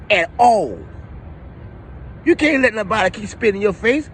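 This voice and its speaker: A man ranting heatedly and with profanity. His voice sits high and swings widely in pitch. Faint background noise can be heard behind him. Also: lively intonation, moderate pace, long pauses, a bit bright. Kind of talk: commentary rant.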